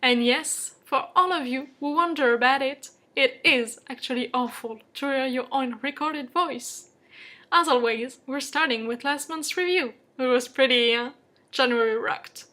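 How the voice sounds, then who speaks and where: A woman's voice: sits high, bright, forceful tone. A young woman with a French accent, rambling casually through a self-deprecating voice-over for her journaling video. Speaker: bullet journal vlogger.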